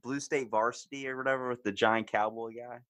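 A man's voice: mid-range voice, steady tone, fairly quick, fairly bright tone. Joking, crude male podcast host. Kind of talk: casual podcast chat.

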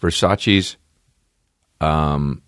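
A man in his thirties hosting a podcast from home, rambling in a casual, profane, animated way with lots of restarts. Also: a bass voice, very slow, no echo, studio quality. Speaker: podcast host. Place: at home, dogs nearby. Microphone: podcast microphone.

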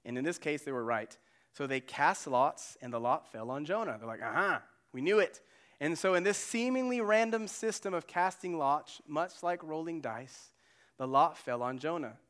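A man preaching in a chatty, animated way, drifting into asides before returning to his point. His voice is smooth and resonant, and it sits a little high for a man. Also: moderate pace. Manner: conversational, digressive, animated storytelling. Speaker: pastor. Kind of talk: sermon.

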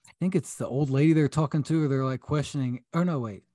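A man's voice: a little high, fast talker, dark tone, no echo. Easygoing man, dry close sound. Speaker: podcast co-host. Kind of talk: casual movie review chat.

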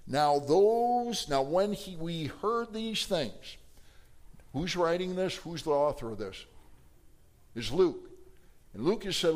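Animated male Bible teacher, higher voice. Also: takes it slowly, long pauses. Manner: asks the class questions and acts out the quoted lines; animated, with sudden jumps in pitch and loudness.

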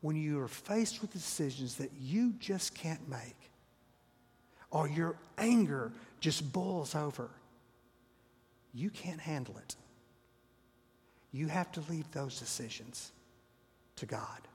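Male preacher, husky, slightly high voice, storytelling sermon that sinks to near whispers; long hall reverb. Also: animated, slow, pauses often, a little mellow.

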